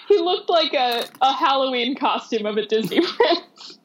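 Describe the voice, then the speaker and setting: Higher-pitched woman, chatty and laughing. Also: lively intonation, unhurried, a little hiss or hum, poor audio. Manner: chatty, laughs often, restarts sentences. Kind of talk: casual movie discussion.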